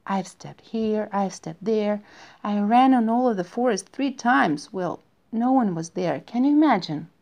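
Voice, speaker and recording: A woman's voice: mid-range voice, animated, unhurried, creaky, darkish tone. Woman voicing a wistful little hare boy. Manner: wistful, dreamy storytelling. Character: lonely, tender young male hare. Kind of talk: storybook reading.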